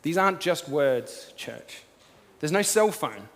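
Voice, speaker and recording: A man's voice: on the high side, animated, slow. Man preaching casually in a reverberant hall. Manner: casual storytelling with dramatic swings from loud to hushed. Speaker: pastor. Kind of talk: sermon. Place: church auditorium.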